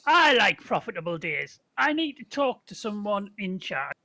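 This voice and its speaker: A man's voice: high voice, very animated, moderate pace, pushed and bright. A man playing a tabletop role-playing game, bantering and slipping in and out of a put-on accent. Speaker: player.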